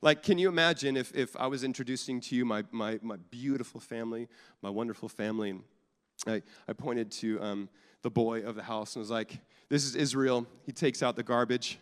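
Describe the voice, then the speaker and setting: A pastor in his thirties gives a casual, jokey sermon in a church sanctuary, often repeating himself and restarting sentences. His medium-pitched voice is clear and resonant, brisk and fairly even in intonation, with long hall reverb around it.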